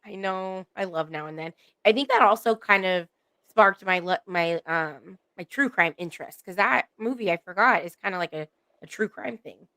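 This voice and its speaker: A woman's voice: mid-range voice, normal speed, bright, forceful tone, no room sound. A woman hosting a casual chat, upbeat and laughing often.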